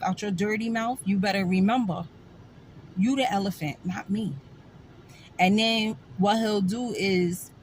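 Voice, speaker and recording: A woman's voice: mid-range voice, a little hiss or hum, low-quality recording. Blunt, sassy middle-aged woman vlogger. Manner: blunt and sassy, with wry laughs. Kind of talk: casual talking-to-camera monologue.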